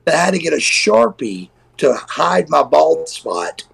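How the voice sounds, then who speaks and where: A middle-aged man, a former wrestler, telling an animated, profane story and acting out what people said. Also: on the high side, measured pace, low-quality recording. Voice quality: gravelly, husky. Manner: animated, profane storyteller who acts out quoted voices. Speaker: guest, former pro wrestler. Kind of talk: casual storytelling on a live stream.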